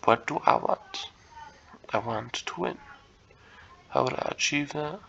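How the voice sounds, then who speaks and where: Male streamer, bright tone with gravel, casual muttering think-aloud commentary, hesitant and self-correcting. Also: on the high side, expressive, unhurried, highs cut off, slight background noise. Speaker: chess content creator.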